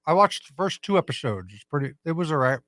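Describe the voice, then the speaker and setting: A man co-hosting a radio morning show, bantering casually with quick reactive quips. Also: a little high, very animated, a bit bright, no room sound. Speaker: radio co-host. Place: radio studio.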